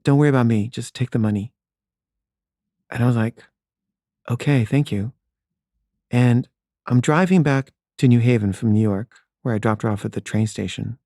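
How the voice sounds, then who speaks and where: Middle-aged male storyteller, mid-pitched voice, plain candid delivery with a wry edge. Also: darkish tone, dry recording, studio quality. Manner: candid, matter-of-fact recounting with wry asides. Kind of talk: personal storytelling.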